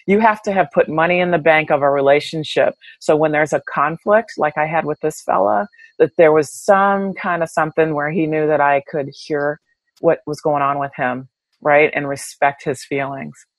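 A woman's voice: sits low, steady tone, normal speed, no echo, low-quality recording. A woman guest in an interview, telling stories candidly and reflectively, with many fillers and restarts. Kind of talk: conversational interview.

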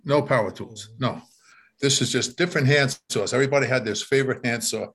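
A man's voice: medium pitch, brisk, a bit bright, slightly rough. An older man reminiscing in casual talk, rambling and repeating words, often chuckling as he tells his story.

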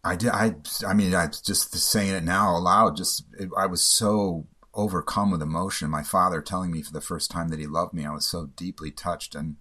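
Man, deep low voice, personal storytelling, halting and emotional, stumbles over words. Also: fairly even intonation, pushed and bright, husky.

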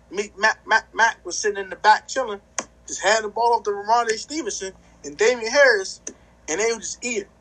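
Husky, high-voiced man trash-talking. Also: poor audio. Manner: animated trash talk, stammering repeats. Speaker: podcast co-host. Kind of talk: casual sports chat.

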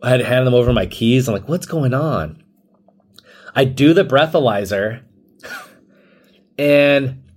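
A man hosting a podcast, telling a long personal story in a casual, rambling way with many fillers. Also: mid-range voice. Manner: rambling, filler-heavy, quotes others. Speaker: podcast host.

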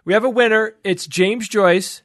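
A man's voice: high voice, moderate pace, fairly bright tone, no room sound, clean studio sound. Playful man hosting a podcast segment. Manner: playful, reads listener emails aloud with laughing asides. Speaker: podcast co-host presenting a listener segment. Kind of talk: casual podcast chat.

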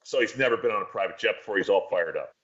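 A man's voice: lowish voice, very fast, fairly bright tone, dull audio. A man casually telling a long, profane, rambling story on a podcast.

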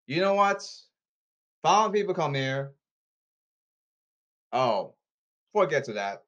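A man's voice: slow, dull audio. Guy ranting alone on his podcast, voice jumping all over, super worked up. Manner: animated, erratic pitch leaps and volume swings; repetitive, exasperated ranting. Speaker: podcast host.

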